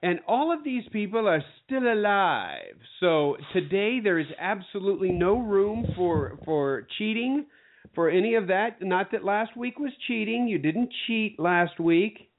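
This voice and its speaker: A man's voice: high voice, very animated, measured pace. A man hosting a casual chat show, quizzing his co-host in a joking, playful way. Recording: tinny phone-like sound.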